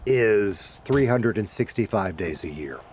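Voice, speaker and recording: A little hiss or hum sits under this middle-aged Deep South streamer's voice, which is on the low side, a bit mellow, unhurried, and lively in intonation. Talking casually to viewers as he plays, he rambles, corrects himself, and lets out the occasional curse in a Southern accent.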